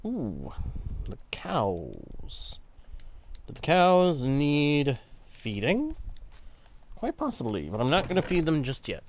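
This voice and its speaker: A man giving casual, chatty commentary while playing a video game, talking to viewers in chat in a playful, animated way. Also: a little high, slow, pauses often, slight background noise. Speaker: gaming channel host. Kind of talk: casual let's-play commentary.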